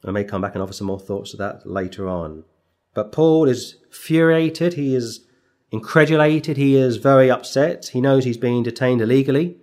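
A man delivers an expository sermon in a mid-pitched voice. He leans hard on key words and pauses for effect. He calls out verse numbers as he works through the passage. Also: darkish tone. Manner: emphatic, with slow dramatic pauses; reads verse numbers aloud as he goes. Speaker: preacher.

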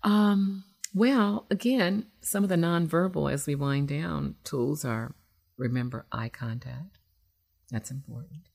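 A woman's voice: low-pitched, slow, gravelly, darkish tone. A woman hosting an internet radio show as a relationship expert, giving advice in a conversational, emphatic way with frequent fillers.

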